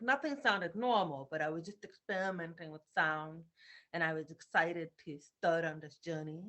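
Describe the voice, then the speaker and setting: A woman's voice: fairly low pitch, pushed and bright. A young woman giving a personal video diary update at home, talking reflectively and earnestly with many ums. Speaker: vlogger.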